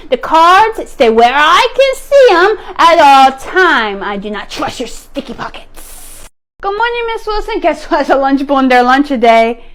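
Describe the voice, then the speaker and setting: Woman playing Quin, a bossy little kid. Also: high voice. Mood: bossy, prim, then bossy, indignant. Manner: bossy, blunt, self-important. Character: bossy, blunt genderless six-year-old kid. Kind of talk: comedy sketch character monologue.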